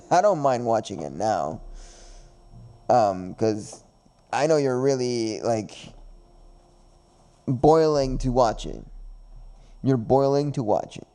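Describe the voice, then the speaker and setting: A man's voice: medium pitch, mellow. A man hosting a podcast in casual chat, rambling and repeating himself with frequent laughs. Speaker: podcast host.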